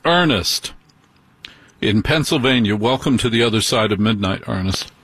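A man hosting a late-night call-in radio show, chatty and teasing, quick to jump in. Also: fairly low pitch, animated, fairly bright tone, slight background noise. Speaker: radio host.

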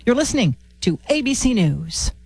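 A woman anchoring a radio newscast, reading the headlines in a brisk, even newsreader delivery. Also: on the high side, husky, no echo, rough recording. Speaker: news anchor.

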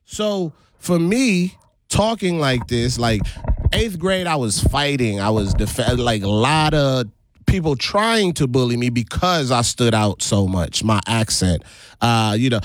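Laid-back radio host from the Virgin Islands. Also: male voice, medium pitch, animated, unhurried, no room sound, studio quality. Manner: storytelling with laughter and fillers. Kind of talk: casual radio talk.

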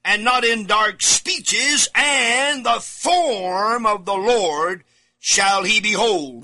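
Emphatic high-voiced preacher, slow and bright. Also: male voice. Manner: emphatic, repeats key words, swings from shouts to low asides. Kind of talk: studio sermon reading scripture. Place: studio, alone.

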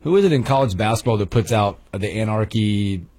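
Brief: husky-voiced male morning radio host, lively swooping delivery, playful banter. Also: fairly low pitch, a little fast. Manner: animated, sing-song greetings, laughs often. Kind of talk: morning sports radio chat.

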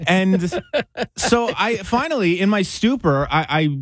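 A man's voice: sits high, unhurried, no room sound. Man telling a story on air. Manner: animated storyteller, acts out his own reactions. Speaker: radio show co-host. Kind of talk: casual storytelling chat.

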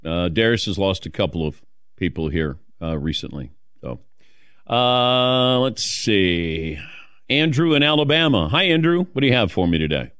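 A man's voice: fairly low pitch, animated, moderate pace, a bit bright, clear, resonant tone, dry recording, studio quality. A male radio host in casual on-air talk, rambling with many fillers and restarts.

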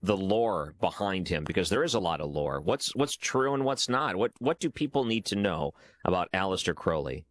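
A man's voice: low-pitched, expressive, normal speed, few pauses, dry recording, studio quality. A man hosting a late-night radio talk show, chatting loosely with restarts from his home office. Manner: conversational, stumbling restarts, laughs easily.

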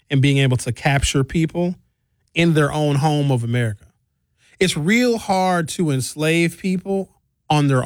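A man hosting a call-in talk show, explaining things in an animated, jokey way. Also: on the high side, dry recording, studio quality. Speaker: radio show host.

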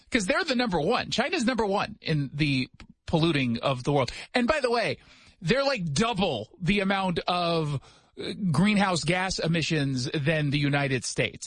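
A man hosting a radio talk show, chatting casually with sarcastic jokes and quick asides. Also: high-pitched, fairly bright tone, breathy edge, no echo. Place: radio studio.

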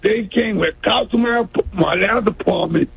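A man's voice: high-pitched, moderate pace, creaky, husky. A man calling in to a radio show, rambling through a long story and stammering as he repeats himself. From New York City. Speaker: caller. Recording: tinny phone line.

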